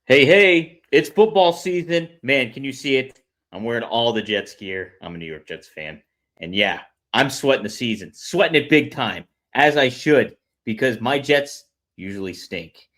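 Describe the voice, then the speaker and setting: A man's voice: expressive, moderate pace, a bit bright. A man, a podcast co-host, chatting and doing an upbeat, jokey ad read. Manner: upbeat, jokey pitchman in ad reads. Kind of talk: casual chat and ad read.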